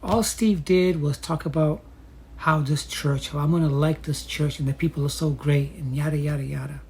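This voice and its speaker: A woman telling her own dating story in a chatty, reflective way, often pausing with fillers. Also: sits low, fairly even intonation, creaky, darkish tone, slight background noise. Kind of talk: casual personal storytelling.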